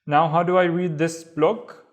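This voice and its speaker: A man's voice: on the high side, flat delivery, a little slow. A man with a Saudi accent teaching a beginner Arabic reading lesson, patiently sounding out and repeating words. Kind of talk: step-by-step language lesson.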